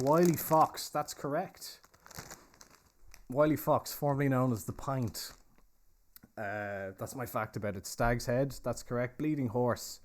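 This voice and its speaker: A man's voice: mid-range voice, a little hiss or hum. A man hosting a casual virtual pub tour from inside a pub. He chats and jokes while checking audience answers in a quiz. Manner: chatty, joking, confirming audience answers. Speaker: host and pub guide.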